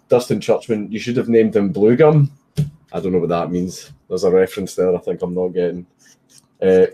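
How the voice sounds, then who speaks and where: A man's voice: lowish voice, dark tone. A Scottish man on a casual livestream, swearing often and laughing through his stories while reading comments. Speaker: streamer. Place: home, at a computer, with a puppy. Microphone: desk microphone.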